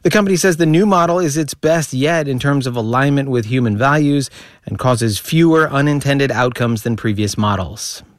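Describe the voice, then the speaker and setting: A man reporting a scripted radio news story in a steady, matter-of-fact way. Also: mid-range voice, normal speed, no room sound, clean studio sound. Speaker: radio correspondent.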